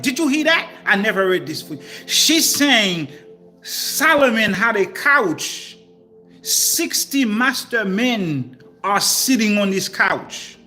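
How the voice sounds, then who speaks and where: A man's voice: high-pitched, normal speed, faint music behind. A man reading scripture verses aloud and breaking in with playful slang commentary and repeated asides. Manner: repeats phrases, animated asides. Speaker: teacher. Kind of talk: informal scripture teaching.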